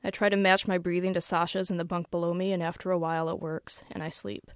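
A woman author reading her own story aloud in a wry, deadpan first-person voice. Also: on the low side, quick pace, clear, resonant tone, no room sound, studio quality.

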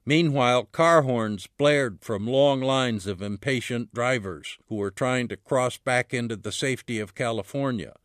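A man reads his own book aloud, measured and steady, his voice sinking low on each dialogue tag. His pitch sits at an ordinary middle, and the recording is dry and close. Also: no echo. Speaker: author.

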